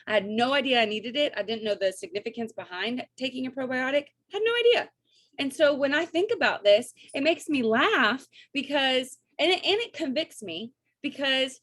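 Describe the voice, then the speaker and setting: Woman, 30s, energetic coach, chatty, video call audio, slightly high voice. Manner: energetic, chatty, keeps asking "right?" and "okay?". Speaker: network marketing coach.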